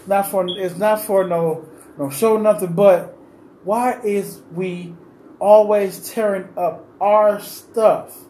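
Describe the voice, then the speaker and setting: In an unscripted, heated monologue, this man shares his opinion as a vlogger, pleading, pressing the same questions again and again, and restarting as he rambles. His high voice is slow and dark with fairly even intonation, recorded with a roomy echo and faint ambient noise.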